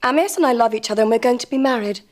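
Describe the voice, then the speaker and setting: A woman's voice: on the high side, very fast, close to an everyday voice. A woman playing a spoiled, imperious heiress. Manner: bold and commanding. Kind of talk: period film drama. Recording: loud film score behind.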